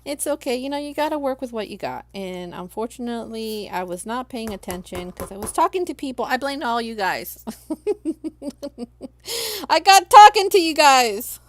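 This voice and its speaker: A woman's voice: a little high, lively intonation, fairly quick. A young adult woman from Los Angeles, chatting casually on a live stream and talking viewers through each crafting step.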